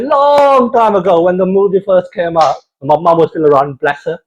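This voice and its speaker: A man telling a comic story in an animated, digressive way, full of exclamations. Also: high voice, moderate pace, hardly any pauses. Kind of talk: comic monologue.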